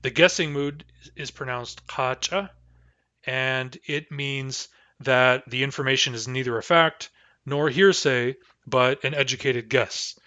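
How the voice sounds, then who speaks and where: A man giving a recorded language lesson, pronouncing example phrases slowly and carefully. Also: medium pitch, fairly even intonation, pushed and bright, no echo. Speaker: language teacher.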